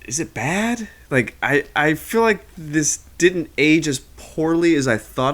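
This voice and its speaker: Male podcast co-host, animated pitch, casual "like"-heavy film chat. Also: slow. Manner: chatty and lively, lots of "like".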